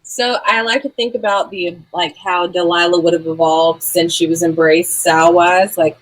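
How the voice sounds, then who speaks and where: A woman's voice: lowish voice, steady tone, moderate pace, poor audio. A woman player speaking on a stream over a video call, stiff and formal when she makes announcements. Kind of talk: casual stream chat.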